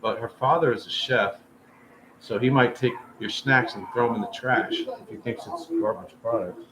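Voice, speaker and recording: A man's voice: mid-range voice, animated, normal speed. A man hosting a casual livestream, talking in a rambling, chatty way straight to his viewers. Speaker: livestream host. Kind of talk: casual chat. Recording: noisy room ambience.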